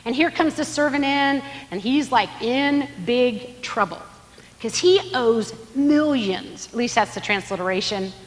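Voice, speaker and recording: High-voiced woman teaching in a reverberant hall. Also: measured pace. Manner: animated storyteller who acts out quoted characters in a raised voice. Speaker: Bible study teacher. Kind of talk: lively Bible teaching to a live group. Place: room with a live group.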